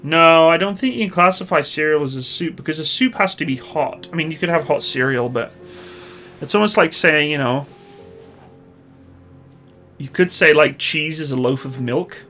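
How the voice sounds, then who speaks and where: A Canadian man, likely in his thirties, hosting a live stream, reading viewer questions and answering in a relaxed, rambling way with many pauses. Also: on the high side, soft background music. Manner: relaxed, chatty, hesitant with many uhs.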